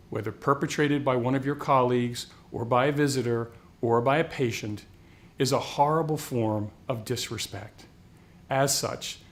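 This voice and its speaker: Earnest man addressing hospital staff. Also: mid-range voice. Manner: earnest, formal. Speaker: hospital executive.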